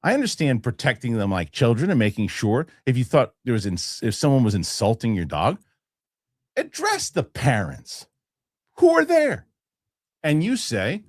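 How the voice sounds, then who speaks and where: A man's voice: medium pitch, moderate pace, dry recording, clean studio sound. A man in his forties hosting a show, telling a heated story in a casual rant, swearing and acting out the people in it. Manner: heated, animated, swears, acts out quoted people. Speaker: show host.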